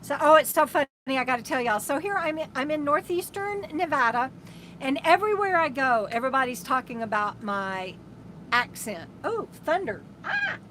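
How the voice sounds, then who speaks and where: A high-pitched woman with a drawl chats on a live stream from her RV. She reads viewer comments aloud and rambles affectionately, often restarting her sentences. A faint hum of ambient noise sits behind her voice. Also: normal speed, bright, forceful tone. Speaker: RV travel vlogger, host of a live stream. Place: inside her RV.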